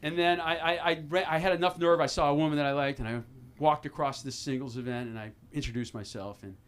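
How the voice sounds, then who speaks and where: A man in his fifties doing a self-deprecating stand-up set at an open mic, halting and restarting often. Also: on the high side, fairly even intonation, smooth. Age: 50s. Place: small comedy club stage with audience.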